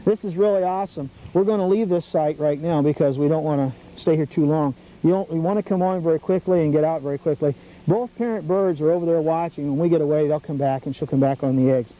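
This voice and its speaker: Leading a scout group along a birdhouse trail, this middle-aged TV host teaches with enthusiasm in a slightly high, mellow voice at a quick pace. The outdoor recording has the dull, faintly noisy sound of 1990s public access television.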